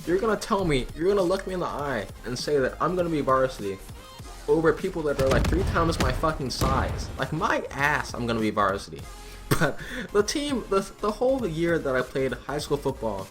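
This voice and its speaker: A teenage gaming host telling a school story over gameplay in a chatty, profane, laughing way. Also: male voice, fairly high pitch. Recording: music playing behind the voice. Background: background music.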